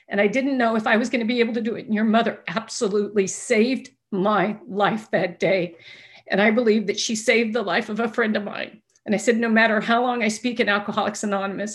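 Earnest woman sharing her recovery testimony. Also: medium pitch. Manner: earnest and emphatic, with many restarts; drops to a hushed voice when retelling dialogue. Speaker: sober member sharing at a recovery meeting. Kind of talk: personal testimony share.

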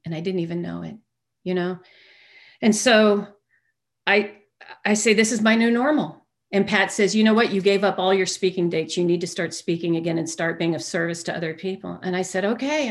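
A woman speaking to an audience about her recovery, telling her story with energy and acting out the voices of people she quotes. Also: mid-range voice. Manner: animated storyteller who acts out quoted voices. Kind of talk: personal recovery talk to an audience.

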